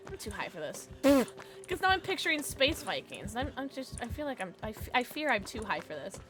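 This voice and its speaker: A woman streaming a game, chatting casually with viewers in an excitable way, with sudden high yelps and laughs. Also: fairly quick. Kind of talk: casual livestream chat while gaming. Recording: game music behind the voice. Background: game music.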